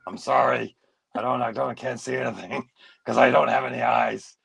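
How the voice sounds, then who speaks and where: A man's voice: medium pitch, fairly even intonation, moderate pace, vocal fry, a bit bright, breathy edge, voice pushed up, full character voice. A man voicing a confused old puppet. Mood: bewildered. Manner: bewildered, complaining. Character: battered old male puppet, confused and grumbling.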